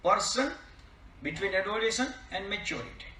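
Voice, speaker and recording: An older man with a Gujarati accent delivers a keynote lecture in an emphatic, questioning way, weighing each key word. His voice sits high and sounds sharp. He is picked up from some distance in an echoey college hall. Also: lively intonation, normal speed, slight background noise. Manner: emphatic, stresses single words and asks rhetorical questions. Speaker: keynote speaker. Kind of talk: formal lecture.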